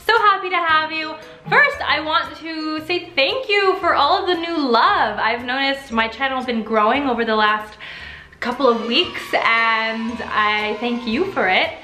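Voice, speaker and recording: Bright high-voiced American woman vlogger. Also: unhurried, reverberant, soft background music. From United States. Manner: upbeat, chatty, playful emphasis. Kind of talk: casual talk to camera.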